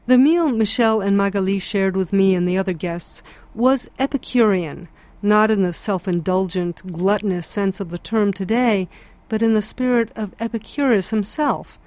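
Measured woman narrating. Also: medium pitch, a little mellow, no echo. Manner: measured, reflective. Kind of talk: scripted audiobook narration.

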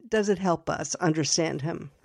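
A woman hosting a radio books programme, asking questions in a measured, inquisitive way. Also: low voice, creaky. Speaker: radio host. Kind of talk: radio interview.

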